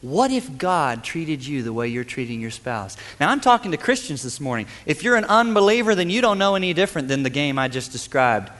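A man preaching a sermon in a church, swinging between loud urgent lines and hushed, quiet ones. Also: medium pitch, sing-song, moderate pace, big-room sound. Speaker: pastor.

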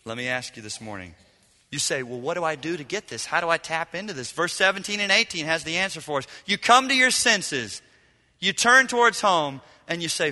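A male pastor preaching a sermon, swinging dramatically from loud, lively lines to hushed ones. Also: fairly high pitch, fairly quick, big-room sound. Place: church hall.

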